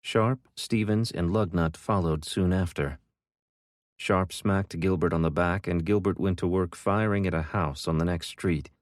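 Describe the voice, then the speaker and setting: A man reading an audiobook in a steady, even narration. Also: low-pitched, a little slow, dry recording, studio quality. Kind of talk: scripted narration.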